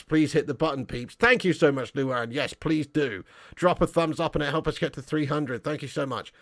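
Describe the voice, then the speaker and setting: A man's voice: high voice, fairly bright tone. A man hosting a football livestream, reading out super chats with mocking banter full of "mate" and "lad". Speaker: football channel livestream host.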